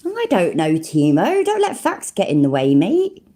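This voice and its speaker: A woman's voice: fairly low pitch, wildly swooping pitch, unhurried, dark tone. A woman with a British accent giving live reaction commentary, blunt, sweary and full of slang. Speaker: livestream commentator.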